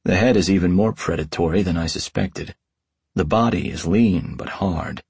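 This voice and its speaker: A man's voice: deep voice, normal speed, a little mellow, slightly rough, no room sound. A man reading an audiobook in the first person as a tomcat detective, with a wry, hardboiled delivery. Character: wisecracking tomcat detective narrating. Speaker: audiobook narrator.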